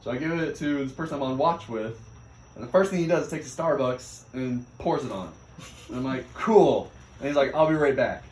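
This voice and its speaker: A young man recounts his time at sea in a relaxed, animated way, often laughing and acting out the orders barked at him. His voice is mid-pitched and carries a noticeable echo from the room. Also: fairly quick, a little hiss or hum. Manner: animated, laughs often, acts out quoted shouts. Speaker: Navy sailor recounting a deployment. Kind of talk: casual spoken storytelling. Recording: echoey room.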